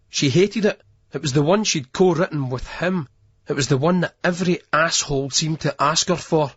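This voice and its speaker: Husky-voiced male audiobook narrator. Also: a little high. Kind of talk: scripted narration. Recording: dull lo-fi audiobook.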